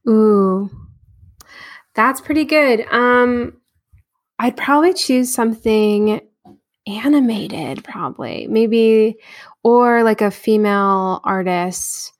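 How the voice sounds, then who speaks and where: A woman talking as a guest on a casual podcast, friendly and hesitant, with many pauses and fillers. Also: fairly high pitch, dry recording, clean studio sound. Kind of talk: casual interview chat.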